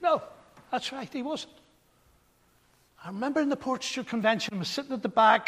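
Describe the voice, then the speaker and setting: A man's voice: sits high, expressive, a little fast, gravelly, pauses often, fairly bright tone, slightly rough. An older man preaching a sermon, telling stories in a conversational way and building to emphatic points. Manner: conversational storytelling, then rising to emphatic. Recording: long hall reverb.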